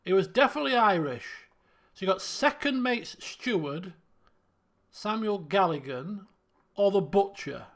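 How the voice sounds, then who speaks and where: A man with a high-pitched, expressive voice offers relaxed live-stream commentary while playing a game. He speaks unhurriedly, chatting and thinking out loud as he works through puzzles.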